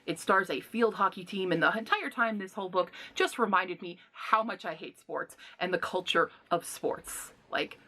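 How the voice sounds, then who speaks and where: A woman giving a casual book review, retelling plots in an animated, indignant rant with sighs and exasperated asides. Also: lowish voice, moderate pace, hardly any pauses.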